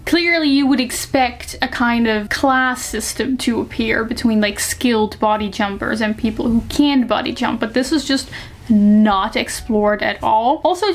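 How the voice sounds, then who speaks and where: A young woman talking casually and frankly into the camera, reviewing books in a chatty way full of fillers. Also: on the high side. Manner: chatty, frank, lots of fillers like "like" and "you know". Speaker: book reviewer. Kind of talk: casual book review vlog.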